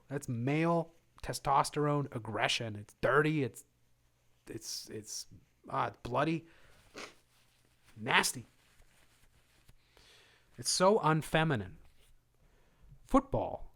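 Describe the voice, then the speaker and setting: A man hosting a live question-and-answer stream, rambling through conspiratorial takes and chuckling often. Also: mid-range voice. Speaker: livestream host. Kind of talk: live Q&A monologue.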